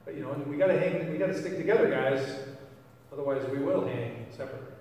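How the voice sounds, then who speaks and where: This pastor delivers a loose, rambling sermon to his church, packed with fillers and restarts, talking fast in a medium-pitched, slightly mellow voice. It's captured in an echoey sanctuary with the microphone placed far away.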